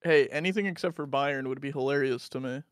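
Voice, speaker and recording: A man's voice: mid-range voice, quick pace, clean tone, dry recording, studio quality. An American man guesting on a stream, chatting in an easygoing, apologetic way and laughing easily. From United States. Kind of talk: casual chat.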